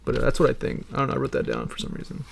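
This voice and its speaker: A man's voice: mid-range voice, wildly swooping pitch, rapid-fire, creaky, slight background noise. A young man co-hosting a casual podcast chat, telling rambling stories with lots of laughing and swearing. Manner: rambling storytelling, laughs often, swears a lot. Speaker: podcast co-host.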